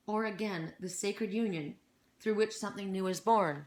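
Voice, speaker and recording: A woman's voice: mid-range voice, moderate pace. A middle-aged woman reads oracle cards for her viewers. She speaks with open emotion and earnest conviction, and she stumbles and restarts her phrases as she goes. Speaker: oracle card reader. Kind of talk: spiritual card reading video.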